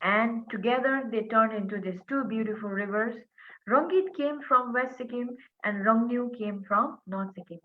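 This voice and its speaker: A woman tells a folk tale with earnest energy, often pausing on little fillers. Her voice is fairly high. It comes through thin and phone-like. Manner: earnest, animated, with frequent fillers. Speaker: storyteller. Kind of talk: oral folk storytelling. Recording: tinny phone-like line.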